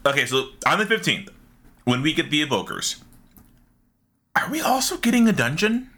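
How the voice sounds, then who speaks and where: A man chatting casually on a gaming podcast, with a very bright, ringing tone. His pitch swings widely as he gets excited. He swears freely and sometimes keeps talking through a mouthful of food. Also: moderate pace. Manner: animated, swearing, eating while talking. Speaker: podcast co-host.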